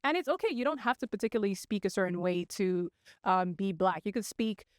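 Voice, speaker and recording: A young woman from Congo, raised in South Africa, speaking as a podcast guest and telling her story in a measured, articulate way. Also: mid-range voice, animated, no room sound, clean studio sound. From Democratic Republic of Congo, raised in South Africa. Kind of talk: casual interview chat.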